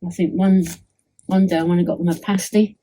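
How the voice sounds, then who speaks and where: A woman with a fairly low, dark, level voice speaks briskly, captured on poor audio. She's at home giving a casual testimonial, enthusiastically describing work on her house and often beginning sentences again.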